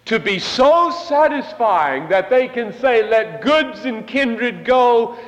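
A high-pitched male preacher delivers an impassioned sermon, his voice leaping up into ringing declarations and dropping into hushed asides. His pitch swings widely as he drives each point home, and a long reverb trails every phrase through the large church hall. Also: lively intonation, takes it slowly, highs cut off. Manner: impassioned, rising and falling between loud declarations and hushed asides.

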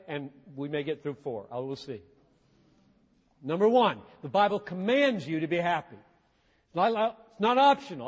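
High-voiced preacher in a reverberant hall. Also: male voice. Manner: earnest, swings from hushed to emphatic. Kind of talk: sermon.

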